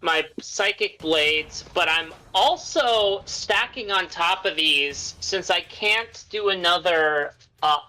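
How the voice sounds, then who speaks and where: A man playing a tabletop game, slowly and deliberately describing his character's attack. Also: high voice, sharp tone, poor audio. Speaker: player.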